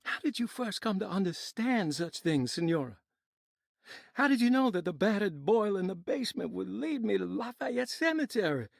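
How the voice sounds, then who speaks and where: Brief: haunted game diarist, husky, raised pitch, mournful old-fashioned phrasing. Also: male voice, big pitch swings, normal speed, dry recording, studio quality, heavily acted. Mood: longing. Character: haunted, tormented man reciting a poetic diary. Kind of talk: video game voice acting.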